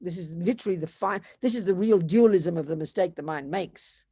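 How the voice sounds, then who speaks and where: A woman's voice: lowish voice, a little fast, dark tone, husky, no echo, studio quality. An older woman giving an earnest, emphatic Buddhist teaching, repeating phrases for stress. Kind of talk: dharma talk.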